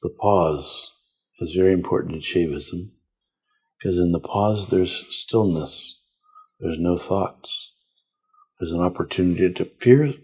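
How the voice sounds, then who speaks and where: A man, a spiritual teacher on a podcast, calmly and slowly guiding a breath meditation. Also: deep voice, breathy edge. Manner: calm, slow, gentle guiding. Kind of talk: guided meditation instruction.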